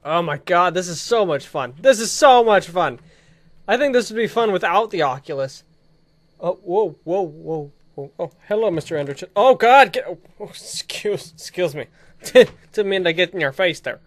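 A young man giving excited let's-play commentary, giggly and bursting into shrieks and laughter. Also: sits high, a little slow. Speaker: gaming video creator.

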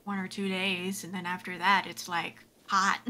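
A woman streaming a game, chatting at an unhurried, drawn-out pace with frequent "like" fillers. Her voice is bright and ringing, and she giggles easily as she rambles. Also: medium pitch. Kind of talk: casual live-stream chat while playing.

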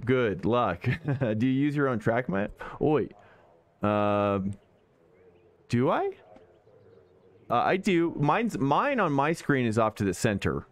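A man streaming sim racing, chatting casually and thinking aloud as he talks to his viewers. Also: mid-range voice.

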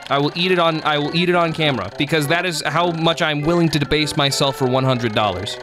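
A man's voice: fairly high pitch, fast, music in the background. A man streaming live gameplay, chatting casually in a rambling, profane, jokey way and thanking viewers.

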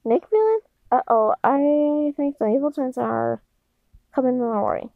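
High-pitched excitable woman, dry close mic. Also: measured pace, gravelly, no room sound, rough recording. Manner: excitable and dramatic, jumping between loud squeals and low mutters. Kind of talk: amateur reading of fan character lines.

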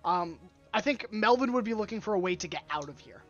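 A man taking his turn in a live-streamed tabletop game, talking through his options and often correcting himself as he goes. His voice sits fairly high for a man, and the recording comes through a dull, lo-fi mic. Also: expressive, a little fast, faint music behind. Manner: thinks aloud, second-guesses himself mid-sentence. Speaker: player.

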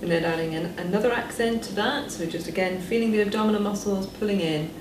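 A calm woman, a speech and language therapist with a British accent, gives step-by-step instructions for breathing exercises. Her voice is mid-range and fast, heard from a distance in an echoey room with background noise.

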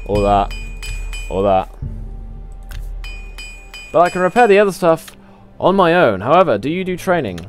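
Speaking at normal speed with frequent pauses, a young gaming channel host sounds very animated in a fairly high voice, soft music in the background. He rambles through casual let's play commentary, swearing, poking fun at himself and laughing often.

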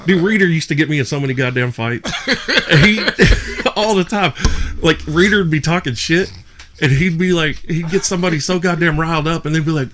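A man hosting a podcast and telling stories in casual chat, animated and full of swearing. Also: fairly high pitch, a little fast, a little hiss or hum. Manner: profane, animated storyteller. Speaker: podcast host.

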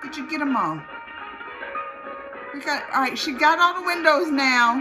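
High lively woman over loud music. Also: normal speed, rough recording. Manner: exclaiming, laughing a lot, talking back to the screen. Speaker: reaction video host. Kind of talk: casual reaction commentary. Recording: loud music playing behind the voice.

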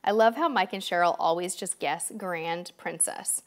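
Speaking at a moderate pace in a fairly low pitch, this woman runs a live-stream quiz. The chat is casual and upbeat, aimed right at her audience, with a hint of tiredness.

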